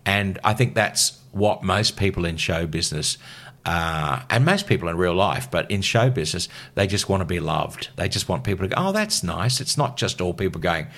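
Older broadcaster, very deep voice, lively raconteur, interview guest. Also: male voice, normal speed. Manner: lively storyteller, acts out quoted voices. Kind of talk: casual interview chat.

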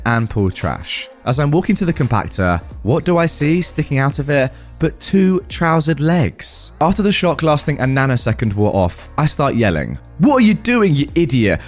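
Lively man narrating stories. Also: mid-range voice. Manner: lively, dramatic storytelling with punchy emphasis. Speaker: podcast host reading stories.

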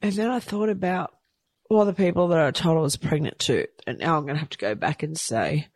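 A woman telling a personal story candidly and from the heart, rushing and restarting her sentences. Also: deep voice, a little mellow, no room sound. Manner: heartfelt, rushed, with frequent restarts. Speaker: storyteller sharing a personal experience.

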